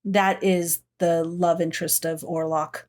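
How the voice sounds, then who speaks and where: A woman's voice: lowish voice, little pitch movement, measured pace, darkish tone. A middle-aged woman co-hosting a podcast, chatting casually and animatedly, swearing freely and acting out her own reactions. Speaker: podcast co-host. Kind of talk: casual chat.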